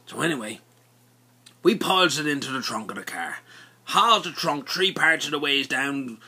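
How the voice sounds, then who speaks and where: Animated storyteller man. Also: a little high, moderate pace, husky. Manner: animated, folksy dialect narration. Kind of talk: casual spoken storytelling.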